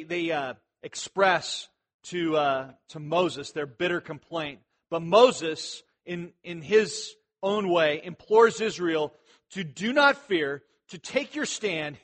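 Animated high-voiced male preacher. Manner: animated, shouts imperatives for emphasis; conversational asides with fillers. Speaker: pastor. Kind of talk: expository sermon.

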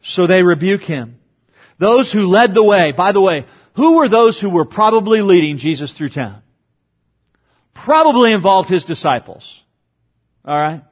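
A very animated pastor preaches at a measured pace, unpacking a passage one verse at a time. The recording has its highs cut off, and he acts out quoted cries dynamically with big, sudden pitch rises.

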